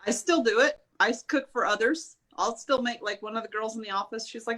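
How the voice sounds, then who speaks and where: A woman chatting casually, telling personal stories in an animated way and acting out her own and others' lines. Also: a little high, fairly quick. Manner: animated storyteller, quotes herself and others. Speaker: guest sharing a diet journey. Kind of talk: casual chat.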